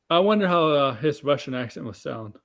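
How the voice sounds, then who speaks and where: A man's voice: fairly high pitch, a bit bright. A man co-hosting a casual chat show, rambling with restarts and frequent laughs. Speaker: podcast co-host.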